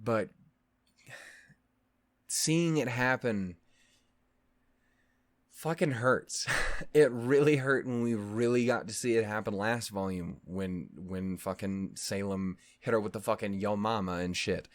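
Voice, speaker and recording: A man's voice: lowish voice, slow, long pauses, no echo. A man giving emotional, profanity-heavy reaction commentary that rambles with frequent restarts. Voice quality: voice actor's expressive delivery. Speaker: reaction video host.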